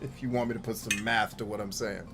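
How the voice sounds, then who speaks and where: A man hosting a gaming show, talking bluntly and profanely in casual commentary while he plays, with quick jokey asides. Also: on the low side, fairly even intonation, creaky, music in the background. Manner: laughs easily, jokey asides.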